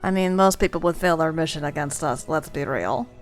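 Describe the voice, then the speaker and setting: A woman's voice: deep voice, a little fast, soft background music. A woman player at a tabletop game, speaking bluntly and wryly in casual table talk. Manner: blunt, wry, conversational.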